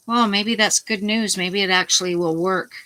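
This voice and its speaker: A woman's voice: mid-range voice, steady tone, moderate pace, bright, forceful tone, no echo, rough recording. A middle-aged woman telling a story in a rambling, casual way, swearing now and then and restarting her sentences. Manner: rambling, salty, starts over mid-sentence. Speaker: vlogger.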